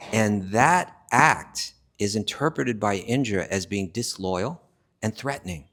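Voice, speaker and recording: A man's voice: lowish voice, a bit bright. A man telling a scripture story to a class in a conversational way, often checking in with "right?" and restarting phrases as he builds his point. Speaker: spiritual teacher.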